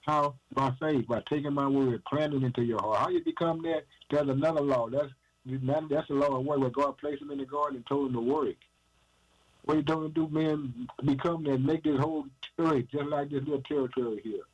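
A man's voice: fairly high pitch, steady tone, a little fast, low-quality recording. A man preaching an informal sermon, asking and answering his own questions in an emphatic, repetitive cadence and often calling the listener "man".

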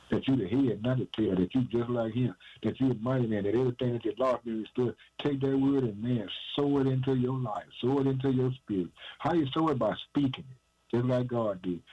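A man preaches an informal sermon, posing questions and answering them himself in an emphatic, repetitive cadence while often calling the listener "man". His voice is mid-range with a breathy edge, and the sound is lo-fi.

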